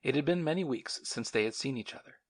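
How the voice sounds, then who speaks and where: A man narrating a novel as an audiobook in a measured, sombre manner. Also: mid-range voice, lively intonation. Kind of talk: scripted narration.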